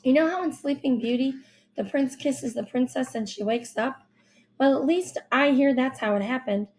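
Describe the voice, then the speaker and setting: A woman reading a first-person children's novel aloud with expressive, youthful storytelling. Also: sits high, normal speed. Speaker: audiobook narrator.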